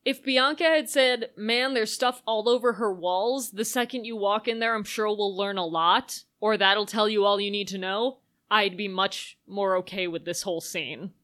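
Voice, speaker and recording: Bright-voiced woman giving wry commentary. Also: mid-range voice, normal speed, few pauses. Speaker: podcast co-host. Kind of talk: casual movie recap chat.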